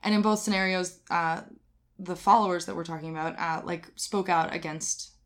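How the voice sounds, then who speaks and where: A woman's voice: lowish voice, steady tone, normal speed. A woman co-hosting a casual podcast, chatting frankly and swearing now and then. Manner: supportive listener, sprinkles in swearing. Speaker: podcast co-host. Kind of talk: casual chat.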